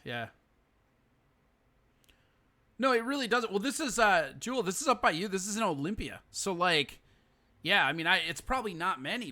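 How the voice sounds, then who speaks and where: Bright-voiced man reacting with disbelief. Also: high-pitched. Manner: laughing, incredulous, swears freely. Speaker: podcast host. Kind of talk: casual commentary on a viral video.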